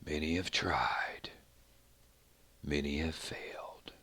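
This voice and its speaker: A man voicing a boastful, menacing male avenger in a slow, low whisper, turned away from the mic. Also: pushed and bright, slightly rough, exaggerated voice.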